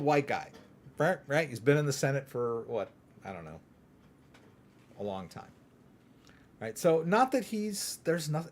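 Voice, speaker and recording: A middle-aged man from Texas hosting a live crypto Q&A stream, chatty and rambling, often tagging his points with "right?". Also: fairly high pitch. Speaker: crypto channel host.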